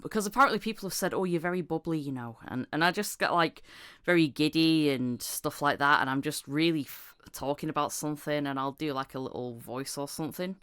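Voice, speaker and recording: A woman's voice: low voice, brisk, clean tone, no room sound, clean studio sound. A woman hosting a casual podcast chat, telling stories with giggles and acting out what people said. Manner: animated storyteller, giggly, acts out quotes. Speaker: podcast host.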